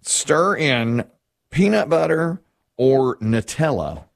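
A middle-aged radio host with a fairly high, gravelly voice speaks slowly, his pitch swinging widely, in a recording with no room sound. He keeps the on-air chat casual, wandering through stories and restarting himself along the way.

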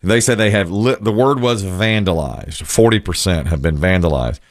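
A man's voice: sits low, moderate pace, dry recording, studio quality. A man hosting a casual radio chat, telling stories and giving opinions in a chatty way. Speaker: radio show host.

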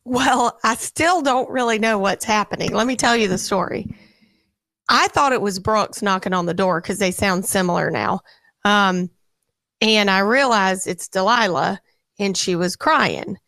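A woman's voice: medium pitch, measured pace, dry recording. A woman in her thirties, a radio co-host, telling a rambling home story on air and acting out the voices in it. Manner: animated, acts out quoted voices, rambling.

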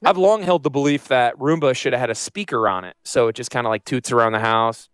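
A man's voice: medium pitch, fast talker, fairly bright tone, clean tone, no echo. A man hosting a financial talk radio show, brash, sarcastic and rambling. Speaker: radio host, financial planner. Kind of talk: joking talk radio monologue.

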